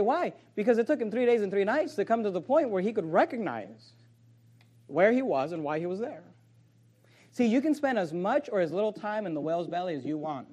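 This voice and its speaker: A man preaching a sermon as pastor, swinging from loud, stretched emphasis to hushed, low delivery.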